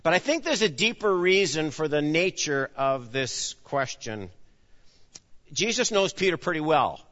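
A man preaching a sermon with a bright, forceful voice, pitched a bit high for a man. He acts out the dialogue of his story, swinging between loud emphasis and a hushed, low delivery. The sound is dull, with a long echo from a big hall. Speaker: pastor.

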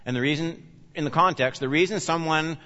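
A man from Canada preaching a sermon as a pastor, swinging between loud urgent emphasis and quiet asides. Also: fairly high pitch, brisk. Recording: dull sound with long reverb in a large hall.

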